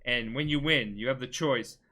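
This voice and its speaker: Rambling tipsy man with a bright voice. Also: medium pitch, normal speed. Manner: rambling, heavy filler words. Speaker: podcast co-host. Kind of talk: casual podcast chat.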